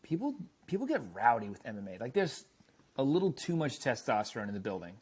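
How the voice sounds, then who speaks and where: A man's voice: medium pitch, sing-song, fast talker, breathy edge. A man hosting a casual talk show, introducing his co-hosts in an upbeat style. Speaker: podcast host. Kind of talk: casual chat.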